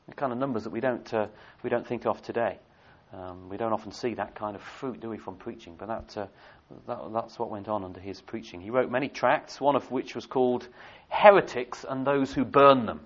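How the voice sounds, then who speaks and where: A man's voice: mid-range voice, a bit bright. A man giving an evening church history talk to a congregation, speaking conversationally with many fillers and restarts and asking the audience questions. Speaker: church teacher. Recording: dull lo-fi recording.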